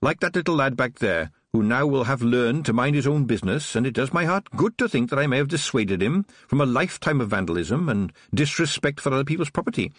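A man's voice: mid-range voice, expressive, fairly quick, hardly any pauses, fairly bright tone, dry recording, studio quality, pitched above the performer's own voice. A man voicing a sinister, honeyed old witch who runs a shop, gleeful and menacing. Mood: sweetly sinister. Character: sinister sugary old woman witch shopkeeper. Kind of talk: audiobook character voice.

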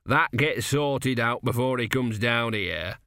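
A tired, patient veteran embalmer, voiced by a male narrator, answers in slow, unhurried words. He sounds worn but calm, close to the narrator's own voice. The booth is dry. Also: medium pitch, vocal fry, no echo, heavily acted. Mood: weary. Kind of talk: audiobook character voice.

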